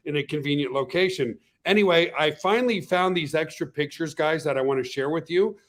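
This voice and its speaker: A man's voice: a little high, a little fast. A man from Canada hosting a live webinar, upbeat and chatty, greeting viewers by name. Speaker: webinar host. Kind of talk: casual live webinar chat.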